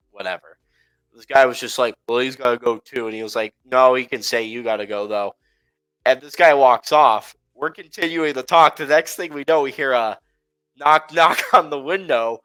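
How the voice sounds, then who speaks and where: Co-hosting a laid-back podcast chat, a man spins a travel story full of fillers, rambling and laughing while he tells it. He speaks at normal speed in a medium pitch, with a fairly bright, clear, resonant tone, on a low-quality recording.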